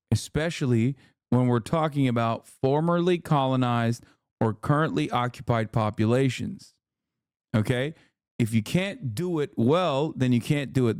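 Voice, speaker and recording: Blunt, fast-ranting male streamer. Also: mid-range voice, darkish tone, clean tone, dry recording, clean studio sound. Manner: blunt, profane, rapid-fire ranting. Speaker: livestream host. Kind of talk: streamer commentary.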